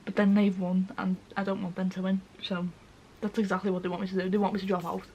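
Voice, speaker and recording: Fast-talking and flat in delivery, this young woman speaks candidly to camera with a warm, medium-pitched voice, swearing and crying as her voice breaks, often tossing in "do you know what I mean." The highs are cut off and there's slight background noise.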